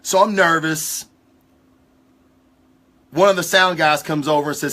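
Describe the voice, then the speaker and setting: A man hosting his own show talks in a loose, rambling monologue, excitable and full of swearing. His voice sits a little high and has a bright, forceful edge. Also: a little slow, long pauses. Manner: rambling, excitable, heavy cursing. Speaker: host. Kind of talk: casual monologue.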